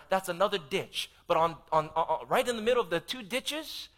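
A man preaching a sermon, emphatic and urging the congregation to say amen, swinging between loud and soft. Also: sits high, lively intonation, moderate pace, few pauses.

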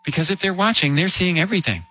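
A man preaching a sermon, telling a story with rhetorical questions and slowing down to stress key words. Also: high-pitched, lively intonation, bright, forceful tone, dry recording, highs cut off. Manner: storytelling with rhetorical questions and slow emphatic drops.

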